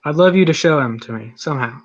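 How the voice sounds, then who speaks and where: A man in a debate, explaining technical points in a steady, explanatory way. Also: on the high side, fast talker, dry recording, dull audio. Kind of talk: debate argument.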